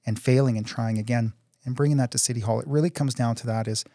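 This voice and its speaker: A man's voice: medium pitch, steady tone, quick pace, warm tone, no echo, clean studio sound. A middle-aged man, a council candidate and oil company CEO, speaking earnestly in a casual interview with frequent restarts. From Canada.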